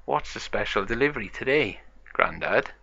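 A man voicing an eager cartoon piglet girl in a raised, excited voice for a toy story. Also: fairly low pitch, moderate pace, vocal fry, husky, no echo, dull audio, heavily acted.

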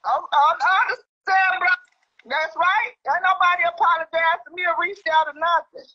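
A woman talking on a phone call, softly agreeing with the caller. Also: very high voice, moderate pace. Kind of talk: casual phone chat. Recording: muffled phone line.

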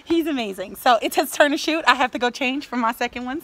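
A woman's voice: high-pitched, expressive, fast, a bit bright, a little hiss or hum. A bubbly woman, vlogging casually to a phone camera, laughing often and calling viewers "y'all". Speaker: vlogger, actor and spoken word poet. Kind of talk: casual vlog chat to camera.

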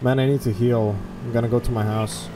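A young man giving casual let's-play commentary, excitable and swearing, yelling when panicked. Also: medium pitch, fairly quick, noisy background. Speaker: gaming YouTuber. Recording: voice over loud game sounds.

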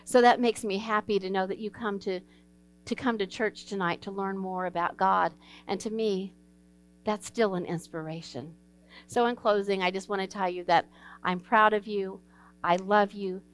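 A woman's voice: mid-range voice, steady tone, normal speed, clean tone. A woman pastor preaching an evening sermon in a church, telling stories in an earnest, folksy way and acting out the dialogue. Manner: earnest, folksy storytelling, acts out quoted dialogue. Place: church sanctuary.

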